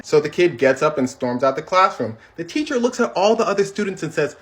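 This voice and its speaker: A man's voice: a little high, a little fast, few pauses. Guy telling a school story super dramatic, voice jumping all over. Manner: dramatic, lively retelling with acted quotes. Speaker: behavioral psychologist. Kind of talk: animated storytelling.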